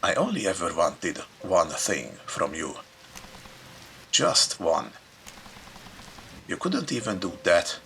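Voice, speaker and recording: Brief: man doing a cold, abusive mother, harsh and shouting, gravelly. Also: sits low, wildly swooping pitch, takes it slowly, pauses often, slight background noise, full character voice. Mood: angry.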